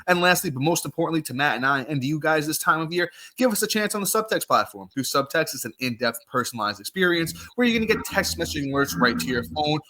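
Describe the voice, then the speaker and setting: A man hosting a sports podcast, reading the intro and ads in an energetic, hyped-up way. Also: on the high side, fast talker, few pauses. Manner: energetic, hyped, ad-read delivery. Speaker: podcast host. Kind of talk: upbeat podcast intro and chat.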